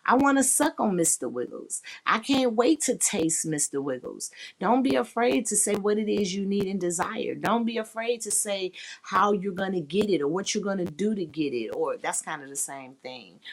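A woman hosting a sex-talk podcast, speaking frankly and profanely and laughing often. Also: medium pitch. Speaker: podcast host.

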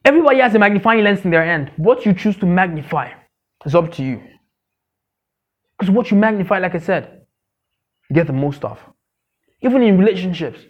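Male pastor, high voice, emphatic sermon with repeated refrains, muffled low-fidelity recording. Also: lively intonation, fairly quick, long pauses. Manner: emphatic, repeats key phrases, asks the congregation questions; acts out gossip in a mocking squeaky voice.

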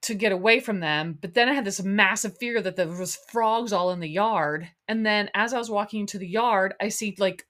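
A woman's voice: mid-range voice, moderate pace, hardly any pauses, fairly bright tone. A woman hosting a podcast, a little out of breath, telling a rambling story with disgust. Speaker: podcast host.

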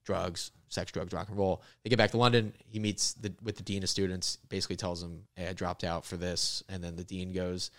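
A young man with a lowish voice tells a rambling travel story in casual chat. He is animated and profane, and he speeds up and slows down as the tale builds. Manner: animated, profane, laughs through punchlines. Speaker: comedian guest.

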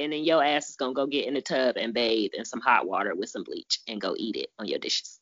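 A woman's voice: rumbling low, fairly quick, hardly any pauses, a bit bright, muffled recording. A woman hosting a podcast in casual chat, emphatic and exasperated, often laughing. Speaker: podcast host.

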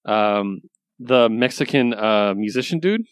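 Man, casual podcast co-host, low voice, rambling and excited, swears freely, dry close sound. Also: measured pace, clear, resonant tone, dry recording. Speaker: podcast co-host reviewing comics. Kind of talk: casual chat.

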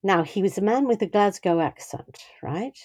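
A woman's voice: medium pitch, expressive, moderate pace, darkish tone, dry recording, clean studio sound. An older woman talking through parenting, telling a family story in a thoughtful, conversational way with frequent restarts. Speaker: guest speaking on parenting.

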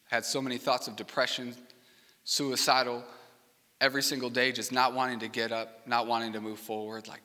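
A man's voice: medium pitch, flat delivery, brisk, pushed and bright, long reverb tail. A young adult man preaching a sermon as pastor, in a personal, conversational way with heartfelt asides, from a church stage.

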